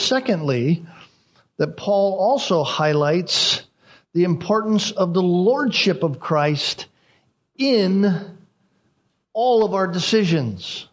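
A man preaching an expository sermon as pastor. He talks in a deliberate way and repeats key phrases for emphasis. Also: high voice.

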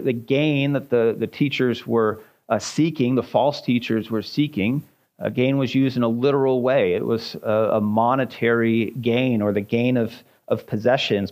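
A man preaching an expository sermon, teaching in a measured way with frequent filler sounds. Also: mid-range voice, a little mellow. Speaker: pastor.

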